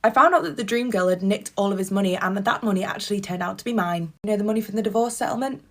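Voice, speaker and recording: A woman's voice: mid-range voice, rapid-fire, fairly bright tone. A woman, telling a personal story in a sarcastic, gloating way. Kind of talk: casual storytime.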